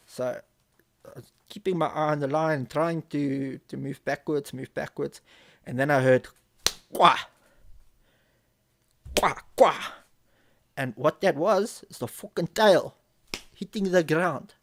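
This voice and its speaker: A man's voice: a little high, measured pace. A man casually telling a story on a live stream, swearing often and repeating phrases as he builds tension. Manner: profane, vivid storyteller who repeats phrases.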